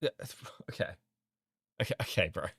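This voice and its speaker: A man's voice: moderate pace, a bit bright, no echo, clean studio sound. A man hosting a drama channel stream, reacting to comments in a heated, profane rant.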